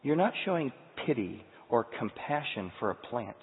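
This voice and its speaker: A male pastor preaching a sermon, telling the story in an animated way and moving between loud and quiet passages. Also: medium pitch, moderate pace. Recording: tinny sound, long hall reverb.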